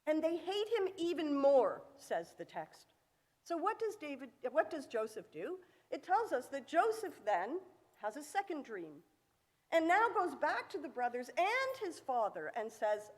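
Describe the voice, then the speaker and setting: A woman with a high, very animated voice preaches at a moderate pace in a synagogue sanctuary. Her story is packed with lively performed quotes and rhetorical questions, and the hall echoes.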